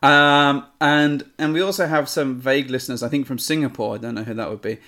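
A man's voice: mid-range voice, fairly even intonation, brisk, bright, forceful tone. A man co-hosting a casual podcast, chatting in a rambling, joking, self-mocking way. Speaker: podcast co-host. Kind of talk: casual chat.

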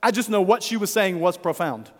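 A male pastor preaching a conversational, animated sermon who acts out the voices in the story. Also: sits high, a little fast, big-room sound.

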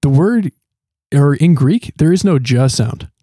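Mellow-voiced man hosting a podcast. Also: on the high side, lively intonation, measured pace, husky, no echo, studio quality. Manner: asks guiding questions, a little pedantic. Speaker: podcast host. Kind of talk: casual panel discussion.

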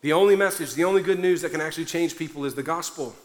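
Fervent high-voiced man preaching in a hall. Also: racing. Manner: preaching loudly with fervent emphasis. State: somewhat out of breath. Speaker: pastor. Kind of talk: sermon. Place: large church hall before a congregation. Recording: long hall reverb.

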